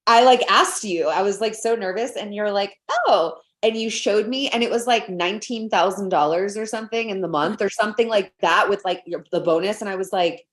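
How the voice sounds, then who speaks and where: An excited woman from Atlanta rambles through a pep talk to her sales team, leaning on "like" as she goes. Her voice sits mid-range. It comes over a video call with a roomy echo. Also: mid-range voice, brisk, few pauses. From Atlanta, USA.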